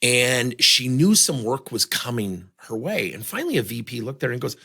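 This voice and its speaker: A man's voice: medium pitch, big pitch swings, moderate pace, creaky, sharp tone, husky. A man giving a motivational talk on communication, leaning on many rhetorical questions. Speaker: speaker on communication.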